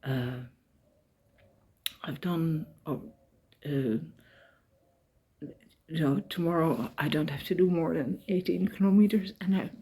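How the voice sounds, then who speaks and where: A woman's voice: sits low, slow pace, long pauses, mellow, husky. A woman on a walking pilgrimage, chatting casually to camera as she tells the day's story, emotional and close to tears. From Ireland. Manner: chatty storytelling, retelling conversations. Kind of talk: casual travel vlog.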